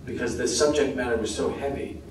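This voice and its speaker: An American man answering audience questions on a convention panel, relaxed and self-deprecating, laughing often. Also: medium pitch, brisk. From United States. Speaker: actor guest on a convention panel. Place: large convention hall with audience. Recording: very echoey hall from far off, noisy.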